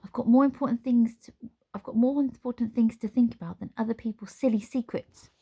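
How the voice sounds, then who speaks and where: A woman's voice: fairly high pitch, a little fast, dark tone, breathy edge, pitched above the performer's own voice. A woman doing a terse, growling girl. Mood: tense. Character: fierce, wary young girl. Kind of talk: storybook reading.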